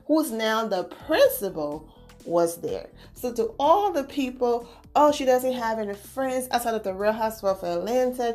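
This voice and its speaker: This woman hosts a celebrity news channel and talks in a casual, chatty way. She is emphatic and opinionated, pressing her points as she goes. Soft music plays beneath her voice. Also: medium pitch. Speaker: host of an entertainment news channel. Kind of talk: casual celebrity gossip commentary.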